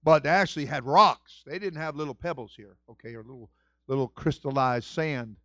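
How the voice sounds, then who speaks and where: A middle-aged male pastor preaching a sermon with passion, moving between hushed storytelling and shouted exclamations. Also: mid-range voice, fairly quick, no echo, dull audio. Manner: exclaims "whew" and "woo".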